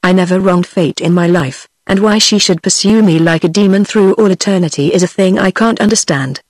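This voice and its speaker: A woman's voice: on the low side, brisk, dry recording. A text-to-speech voice with a British English accent, set as a woman, reading the lines of a melancholy, sighing young prince. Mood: gloomy.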